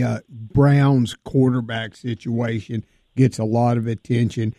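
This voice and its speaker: A man's voice: mid-range voice, dry recording. A man hosting a casual sports talk show, asking questions with frequent fillers. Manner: relaxed, flat delivery with frequent fillers. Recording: dry, phone-like line.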